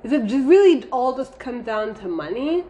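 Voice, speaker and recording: A woman co-hosting a true crime podcast, reacting in a talkative, animated way full of "like". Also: fairly high pitch, moderate pace. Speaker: podcast co-host. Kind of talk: casual true crime chat.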